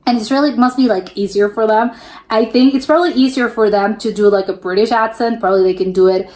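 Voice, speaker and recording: American woman, reaction host; chatty and rambling, thinks out loud, slightly high pitch. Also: steady tone, fast talker. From United States. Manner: chatty, musing aloud, rambling with many restarts. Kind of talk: casual reaction commentary.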